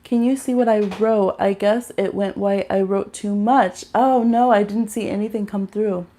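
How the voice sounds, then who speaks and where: A woman's voice: medium pitch, steady tone, moderate pace, mellow. A young woman chats on a livestream, telling her story with lots of animation. She keeps calling her viewers y'all, and her voice comes through the phone she streams on. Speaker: tarot reader hosting a livestream. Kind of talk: casual livestream chat.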